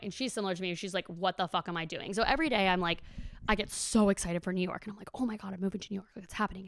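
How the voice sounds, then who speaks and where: A woman's voice: medium pitch, a bit bright, clear, resonant tone, no echo, clean studio sound. A young woman in her twenties rambling casually to her viewers in a vlog, with lots of "like" and casual swearing. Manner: rambling and chatty, heavy use of "like", swears casually. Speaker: vlogger.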